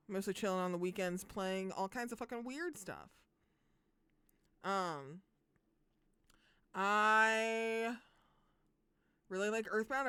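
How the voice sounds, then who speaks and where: A young adult woman streaming games live, chatting casually with viewers, bubbly and quick to swear and laugh. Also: mid-range voice, fairly bright tone, clean tone, no echo. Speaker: game streamer.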